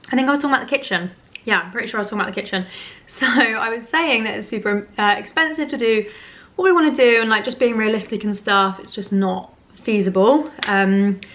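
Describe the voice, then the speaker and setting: A woman's voice: medium pitch, fairly bright tone. A young British woman chatting casually to the camera in her home, rambling with lots of ums and likes and frequent little laughs. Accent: British English. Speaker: vlogger.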